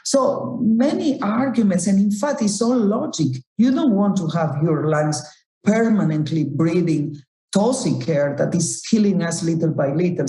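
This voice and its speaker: Woman expert, halting, low mellow voice, echoey room. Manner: halting, many fillers and restarts. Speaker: health expert guest. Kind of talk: explanatory interview answers.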